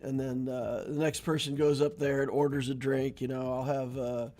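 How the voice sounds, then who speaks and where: A man's voice: mid-range voice, flat delivery, normal speed, a little mellow. A man streaming a mobile strategy game, chatting casually and laughing often as he tells stories between turns. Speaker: gaming streamer. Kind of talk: casual gameplay commentary and chat.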